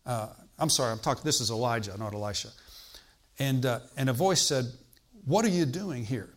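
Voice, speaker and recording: A man's voice: mid-range voice, brisk. A man preaching a sermon in a conversational way. He asks the congregation questions and adds emphatic exclamations.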